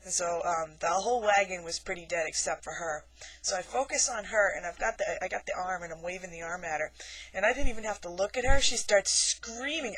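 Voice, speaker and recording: Bright-voiced animated vlog storyteller. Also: medium pitch, moderate pace, dry recording, low-quality recording. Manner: animated storyteller acting out quotes. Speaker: haunted hayride scare actor. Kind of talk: casual vlog monologue.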